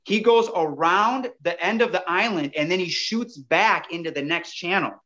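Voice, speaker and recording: Lively man telling a story, muffled audio. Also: sits high, normal speed. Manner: animated, addresses listeners as "you guys". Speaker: podcast guest. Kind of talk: casual storytelling.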